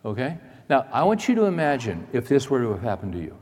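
A male pastor preaching a sermon in a church, dramatic, moving between loud emphasis and hushed asides. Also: medium pitch, wildly swooping pitch, fast talker, big-room sound.

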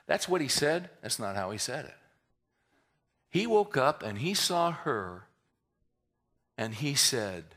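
A man preaching a sermon in an animated way, mixing humorous asides into the teaching. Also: medium pitch, slow, long pauses. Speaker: pastor.

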